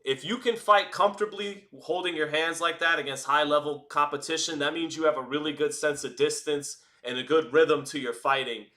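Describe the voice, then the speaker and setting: A man calling a boxing fight live, chatty and energetic, hosting a watch-party stream and often restarting his phrases. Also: a little high, fairly quick, hardly any pauses. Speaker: boxing commentator and stream host. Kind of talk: live round-by-round fight commentary.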